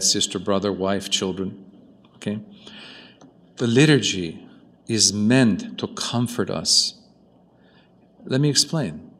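A man preaching a sermon as a priest, talking to his congregation in an animated way, moving from quiet, intimate asides to loud, emphatic peaks. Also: on the low side, long reverb tail. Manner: animated, swings from soft to loud.

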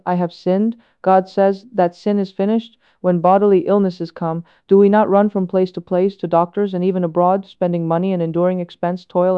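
A woman reading a solemn homily aloud in a measured, earnest way, with many rhetorical questions. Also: lowish voice, smooth, muffled recording. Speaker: reader of a sermon.

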